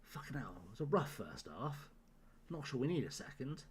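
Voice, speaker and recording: A man's voice: mid-range voice, sing-song, moderate pace, a little hiss or hum. A man streaming a game live, chatting to his viewers with sardonic, profane jokes. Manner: sardonic, profane joking to chat.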